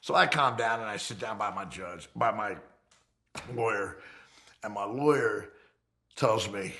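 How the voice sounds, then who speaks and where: Middle-aged male interviewee, gravelly voice, streetwise and profane, animated storyteller. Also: on the low side, unhurried, long pauses, slight background noise. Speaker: interviewee recounting his criminal past. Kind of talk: candid documentary interview storytelling.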